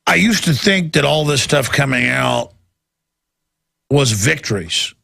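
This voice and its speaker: A man's voice: medium pitch, expressive, a little slow, gravelly, bright, forceful tone, no echo, studio quality. A man hosting a talk show, giving emphatic, rambling, impassioned commentary. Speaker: show host.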